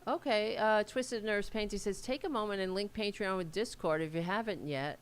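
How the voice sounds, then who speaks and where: A woman's voice: mid-range voice, moderate pace, smooth. A woman hosting a casual livestream, rambling as she reads aloud and answers viewer comments, with a Staten Island accent. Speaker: host.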